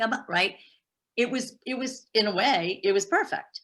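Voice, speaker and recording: A middle-aged woman, an entrepreneur, telling a lively story in an interview and acting out the dialogue. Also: mid-range voice, moderate pace. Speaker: entrepreneur guest.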